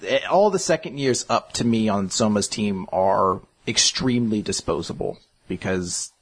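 A man co-hosting a casual podcast, giving thoughtful comic commentary, often pausing and restarting his words. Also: fairly low pitch, animated, slightly rough. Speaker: podcast co-host. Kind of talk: casual manga discussion.

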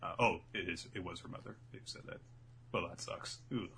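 A man co-hosting a casual chat, recapping a show in an animated, profane way. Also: sits low, brisk, creaky, a little hiss or hum. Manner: animated, profane, laughs often. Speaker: co-host.

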